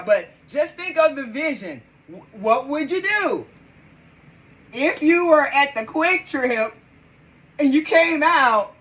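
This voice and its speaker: A woman's voice: high voice, rough recording. A woman hosting a live podcast, exclamatory and incredulous, talking straight to her listeners. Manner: animated and incredulous. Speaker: podcast host.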